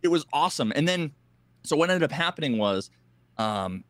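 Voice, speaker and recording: Animated man telling gaming stories on a dry close mic. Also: on the high side, normal speed, no room sound. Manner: animated, quotes people in lively voices, swears freely. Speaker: podcast co-host. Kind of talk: casual gaming podcast storytelling.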